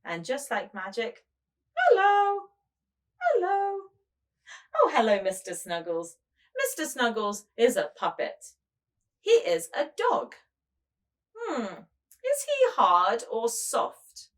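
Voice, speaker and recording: A preschool teacher, a woman, runs a show-and-tell lesson for little kids, drawing out her words in a slow, sing-song style. Her voice is mid-range and very animated.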